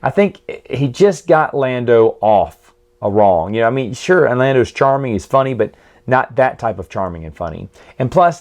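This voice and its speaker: A man's voice: lowish voice, darkish tone, highs cut off. A man casually reviewing comics and stories in a chatty, opinionated way, often correcting himself mid-sentence.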